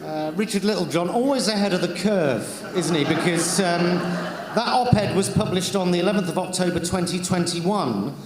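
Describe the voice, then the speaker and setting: A man's voice: high voice, normal speed, echoey room, long reverb tail, heavy background noise. A man hosting a comedy awards show, sarcastic and chuckling between his lines. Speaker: awards host.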